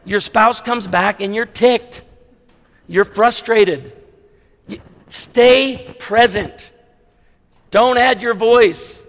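A man's voice: high-pitched, very slow, long pauses, fairly bright tone. A man preaching a sermon as pastor, conversational with humorous asides. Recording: long hall reverb.

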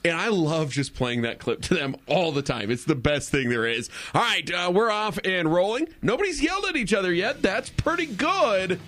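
A man's voice: sits high, big pitch swings, normal speed, few pauses, a bit bright. A man hosting a casual sports radio show, talking animatedly and laughing as he mimics coaches.

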